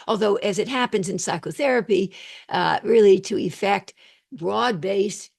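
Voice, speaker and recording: An older woman teaches psychotherapy over a video call in a gravelly voice with a husky edge. She talks in an animated, rambling way and drifts into asides. It sounds like a relaxed lecture. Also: medium pitch, normal speed. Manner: animated, digressive, laughs at own jokes. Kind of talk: online lecture.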